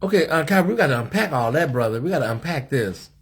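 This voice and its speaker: A man's voice: a little high, animated, quick pace, slightly rough. An American man hosting a live stream from a hotel suite, sassy and chatty, talking straight to his viewers in the comments. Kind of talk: casual live-stream chat.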